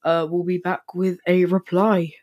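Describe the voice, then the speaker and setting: A male podcast host talking casually and very fast, with lots of ums and restarts. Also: high-pitched, flat delivery, darkish tone, no room sound, studio quality. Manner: talks very fast with many fillers and restarts. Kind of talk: casual solo podcast talk.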